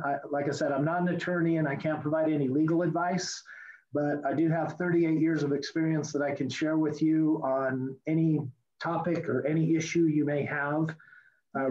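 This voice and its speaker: A middle-aged man teaching a real estate class over a video call, talking fast as he walks through forms. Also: a little high, darkish tone. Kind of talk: virtual class lecture. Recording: muffled lo-fi video call audio.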